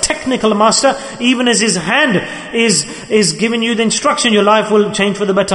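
A man's voice: high voice, fairly bright tone. A man preaching a sermon in a large mosque, emphatic and storytelling, with many rhetorical questions. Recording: echoey hall reverb.

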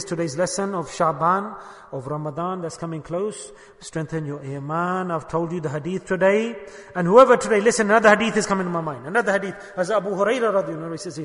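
A man's voice: sits high, a bit bright. A man who is a native Urdu speaker preaches emphatically, telling a story and asking rhetorical questions. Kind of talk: sermon storytelling. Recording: long hall reverb.

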